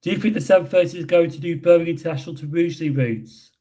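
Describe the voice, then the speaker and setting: A British man casually chatting with his livestream audience and answering chat questions, rambling with many pauses. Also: a little high, warm tone. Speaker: livestream host reading chat. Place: indoors, hotel room.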